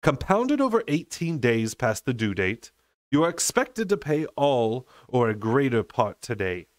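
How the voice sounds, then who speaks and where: A man voicing a steely, curt woman debt collector who speaks in a low, clipped tone. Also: very animated, measured pace, dry recording, clean studio sound. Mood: cold.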